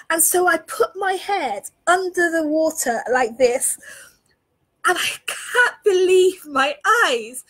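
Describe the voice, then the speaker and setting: A woman leadership coach telling a personal story in an earnest, animated way. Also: sits high, breathy edge.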